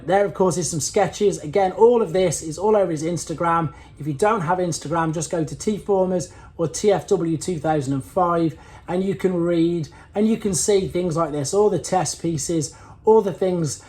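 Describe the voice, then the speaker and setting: A man's voice: a little high, warm tone. A man hosting a casual weekly toy news roundup, enthusiastic and rambling, with plenty of fillers and restarts. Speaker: toy collector channel host.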